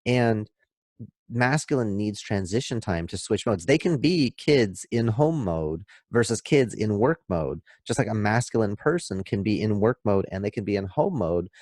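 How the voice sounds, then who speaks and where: A man speaking as a podcast guest, explaining in an emphatic, animated way and acting out little scenes. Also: lowish voice, moderate pace, dry recording, clean studio sound. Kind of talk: casual podcast talk, explaining.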